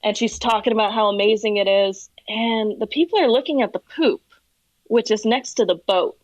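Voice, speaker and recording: A woman guest on a chatty podcast, spinning boat stories with animated energy and frequent laughs. Her voice sits at an ordinary middle pitch. The sound is close and dry, with no room around it. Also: moderate pace, no room sound, muffled recording. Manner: animated storyteller, laughs often. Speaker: whale watching tour guide, podcast guest. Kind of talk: casual chat, storytelling.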